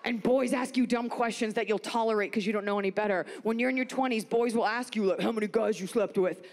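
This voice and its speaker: A woman's voice: a little high, fast, in a large hall. A woman in her thirties doing a stand-up routine on stage, telling confessional stories in a wry tone and slipping into mocking voices. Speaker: stand-up comedian. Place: comedy stage before a live audience.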